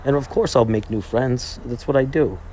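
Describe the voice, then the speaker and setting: A man's voice: medium pitch, normal speed, warm tone, slight background noise. A young man hosting a podcast, telling a trip story in a rambling casual way, full of fillers and restarts. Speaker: podcast host. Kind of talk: casual monologue, retelling a trip.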